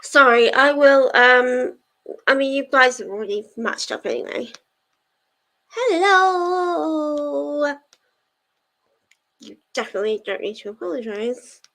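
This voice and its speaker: During a casual reading-sprint livestream, the female host chats with her viewers, giggling and filling gaps with fillers. Her voice sits high and sounds animated and a bit bright, at a slow pace with long pauses.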